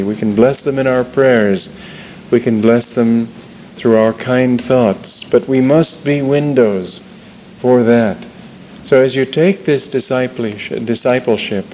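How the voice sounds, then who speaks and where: An older man giving a sermon as a spiritual teacher, in an earnest, measured and gently insistent way. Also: mid-range voice, slight background noise, rough recording.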